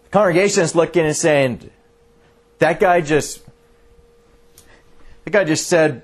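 A man's voice: a little high, moderate pace, pauses often. A man preaching a sermon as a pastor, telling stories earnestly and often restarting his sentences. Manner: earnest, animated storytelling with frequent restarts.

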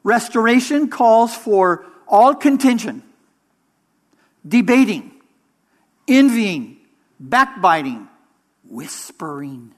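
A male interim pastor delivering a sermon with a high-pitched voice. He takes his time, speaking slowly and pausing often. His delivery is measured and emphatic, leaning hard on key words. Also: sing-song. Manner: emphatic, measured preaching with pauses.

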